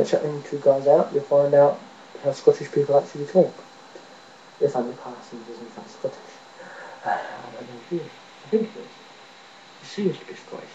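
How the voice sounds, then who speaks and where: A man's voice: on the high side, warm tone, a little hiss or hum, low-quality recording. A man rambling and joking casually to his webcam, swearing now and then and mocking himself. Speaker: vlogger. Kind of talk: casual rambling video chat.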